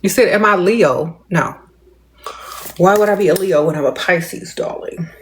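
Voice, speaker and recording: A woman's voice: lowish voice, slight background noise. Restrained middle-aged woman streaming live. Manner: talks with little mouth movement, restrained and measured; drawling and playful, calls viewers darling and y'all. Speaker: livestream host. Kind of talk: casual livestream chat answering comments.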